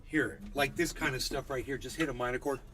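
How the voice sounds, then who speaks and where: A man's voice: medium pitch, fairly even intonation, a little fast. A man hosting a casual chat about music, rambling with lots of "like" and "bro". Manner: rambling, says "like" and "bro" a lot.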